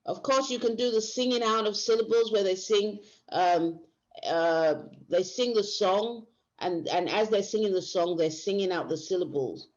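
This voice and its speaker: A woman's voice: medium pitch, moderate pace. A woman teacher giving a workshop lecture, explaining step by step and often restarting her phrases. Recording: dull lo-fi recording.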